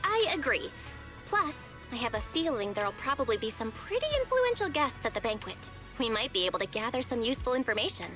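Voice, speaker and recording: A quick, blunt young woman, high and expressive. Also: faint music behind. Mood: direct. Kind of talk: game voice acting.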